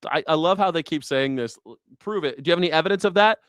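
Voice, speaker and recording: A man's voice: on the high side, fast talker, fairly bright tone, smooth, dry recording, clean studio sound. A man hosting a news reaction show, sarcastic and incredulous and swearing freely. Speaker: host.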